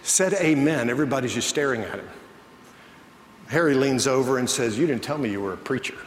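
A man's voice: mid-range voice, fairly quick, a little hiss or hum. A man preaching a sermon, telling a story and acting out the voices of the people in it. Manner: animated, acts out quoted voices in the story. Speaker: pastor. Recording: echoey church hall, faint ambience.

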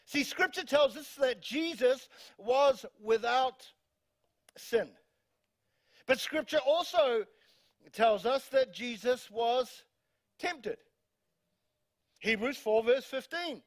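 Male pastor, New Zealand accent, high pitch, emphatic preaching, repetitive phrasing. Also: expressive, slow, pauses often. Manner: emphatic, repeats words, reads scripture aloud, jokes with congregation. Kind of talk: sermon. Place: church hall.

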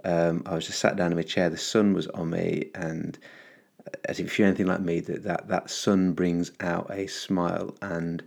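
A man talks through a casual solo podcast in an upbeat, rambling way. His voice sits very low, with a steady gravelly fry. He restarts sentences often and fills pauses with ums. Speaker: podcast host.

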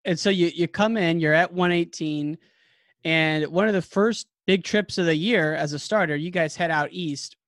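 A man's voice: on the high side, normal speed, a bit bright, no echo. Dry-sounding man hosting an interview. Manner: conversational, prompting questions with easy laughs. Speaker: host, interviewer. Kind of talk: casual interview.

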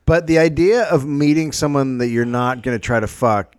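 A man's voice: mid-range voice, normal speed, smooth, no echo. Wry, teasing man, dry close sound. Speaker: podcast host. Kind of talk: casual comedic chat.

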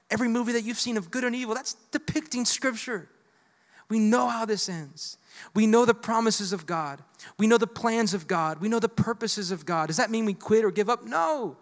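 Preaching at a normal speed in a high, somewhat bright voice, a pastor addresses his church congregation emphatically and calls for their responses. The recording carries long hall reverb from the sanctuary.

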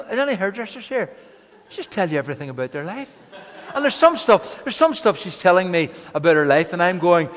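A male pastor preaching a sermon, telling stories animatedly and often restarting and repeating his words. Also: fairly high pitch. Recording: long reverb of a hall.

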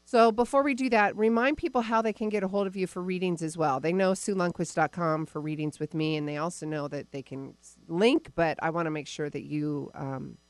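A woman's voice: on the low side, steady tone, brisk, hardly any pauses, no room sound. A woman hosting a live spiritual talk radio show, bubbly and enthusiastic, chatting into a studio microphone. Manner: bubbly, enthusiastic, laughs often. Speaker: radio show host and psychic reader.

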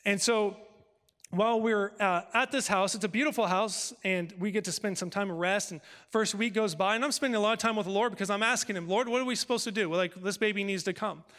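A male pastor telling a personal story in a sermon, acting out conversations with lively shifts of voice. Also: high voice, fast talker, big-room sound. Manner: animated, acts out dialogue with God and his wife.

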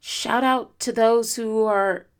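A woman's voice: a little high, fairly even intonation, takes it slowly, clean tone. A woman hosting a solo podcast in a casual, reflective way, speaking earnestly with many fillers, her voice strained from lost sleep. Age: adult student. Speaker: podcast host.

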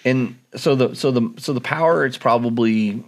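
A man's voice: mid-range voice, moderate pace. A man in casual chat, reviewing a dirt bike in technical detail with frequent restarts.

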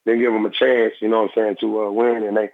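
A young man, a former football player, talking in a phone-in interview in halting, repetitive phrases. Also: on the low side, flat delivery, no room sound. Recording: tinny phone line.

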